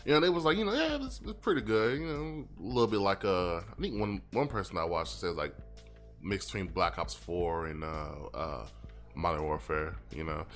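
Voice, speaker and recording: A man's voice: low-pitched, normal speed, faint music behind. A man co-hosting a casual podcast, swearing freely and acting out voices as he talks. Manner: animated, swearing, acts out voices. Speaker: podcast co-host.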